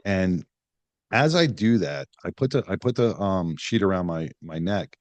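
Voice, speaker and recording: With a low, darkish, expressive voice and a measured pace, a retired police detective in middle age tells a story as a podcast guest. He's candid, blunt, and profane, restarting often and acting out quotes. The recording is dry.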